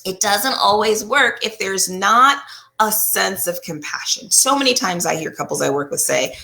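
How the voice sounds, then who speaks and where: Lady therapist chatting casual, bright voice, lots of "right?", bit of vocal fry. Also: medium pitch, moderate pace. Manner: animated, acts out quotes, often asks "right?". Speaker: couples therapist. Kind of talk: casual explanatory talk.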